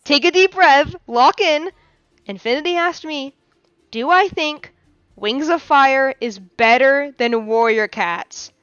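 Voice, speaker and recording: A woman's voice: high-pitched, slow pace, fairly bright tone, no echo, highs cut off, soft background music. A woman of twenty hosting a live art podcast, chatting casually, playful and dramatic, laughing often. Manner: playful, dramatic, laughs a lot, mock-outraged bursts. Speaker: podcast host. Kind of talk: casual live-stream chat.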